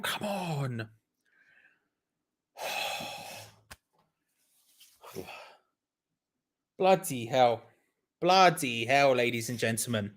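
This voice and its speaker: A young man hosting a live football watch-along stream, excitable, laughing often and repeating himself as he reacts. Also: medium pitch, drawn-out words, pauses often.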